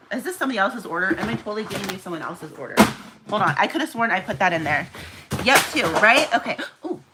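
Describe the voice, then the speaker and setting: A woman's voice: fairly high pitch, very noisy. A young woman chatting to viewers on a live stream while packing orders at home, talking freely as she works. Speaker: small shop owner packing orders. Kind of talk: casual live-stream chat.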